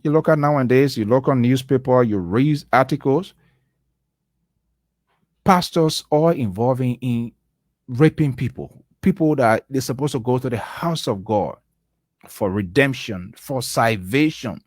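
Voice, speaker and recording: A man's voice: medium pitch, measured pace, darkish tone, no room sound, clean studio sound. A man, speaking as a guest on a radio talk show in an impassioned, preachy tone that drives points home by repeating them. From Liberia. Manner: preachy, emphatic, repeats key phrases. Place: radio studio.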